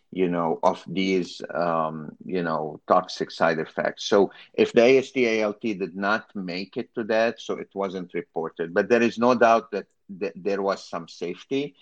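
A man's voice: sits low, lo-fi sound. A man, a kidney cancer specialist, talking through an expert panel discussion with many fillers and restarts.

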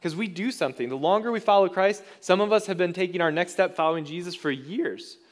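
A man's voice: high-pitched, fast. A man preaching a sermon as pastor, earnest and conversational, often restarting phrases.

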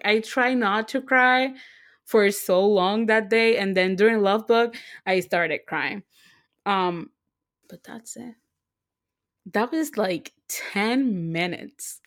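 A young woman co-hosting a podcast, telling a story in a casual, excitable way, full of fillers and restarts. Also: medium pitch. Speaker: podcast co-host. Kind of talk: casual chat.

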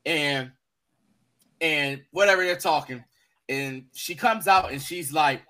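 A man's voice: fairly high pitch, slow pace, pushed and bright. A man co-hosting a podcast, retelling a story in casual chat and acting out the quotes in raised voices. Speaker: podcast co-host.

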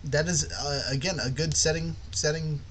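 Male podcast host, bright voice, rambling casual teacher. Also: a little high, moderate pace, a little hiss or hum. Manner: rambling, frequent "you know what I mean".

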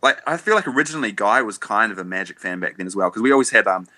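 A man in his thirties with a New Zealand accent, talking as a podcast guest. His voice is very bright and slightly low, and the sound is dry and close. He is easygoing, laughs a lot and trips over his sentence starts. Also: animated, rapid-fire, no room sound. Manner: easygoing, laughs often, lots of fillers and restarts. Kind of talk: casual podcast chat.

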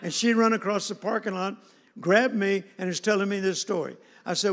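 A man's voice: high-pitched, fairly even intonation, a little fast, a bit bright. A man preaching a sermon, telling a story in a folksy, conversational way. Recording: long hall reverb.

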